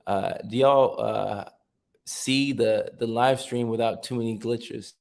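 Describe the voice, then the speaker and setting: A man hosting a casual livestream, chatting with viewers, reading their comments aloud and repeating himself in a relaxed way. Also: mid-range voice, slow, creaky. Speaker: livestream host.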